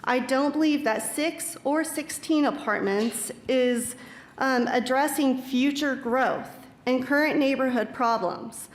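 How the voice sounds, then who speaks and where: A woman reading a prepared statement in a measured, formal way during public comment, recorded in an echoey council chamber. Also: sits high. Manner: measured, formal, reads with small stumbles.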